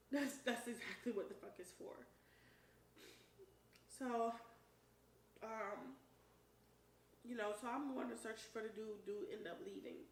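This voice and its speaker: A young woman vlogger tells a story in an animated, emphatic way, swearing freely and shouting when she quotes someone. Her voice sits fairly high. It is recorded from a little distance in an echoey room with faint background noise. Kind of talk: storytime while eating on camera. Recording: roomy echo, voice a bit far from the mic, faint noise.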